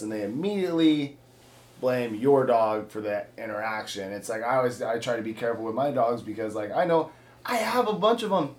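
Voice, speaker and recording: A man talking loosely in a relaxed conversation, circling his points and laughing now and then. His voice is at a middling pitch. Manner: rambling, talking things through, quick laughs. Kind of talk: casual chat.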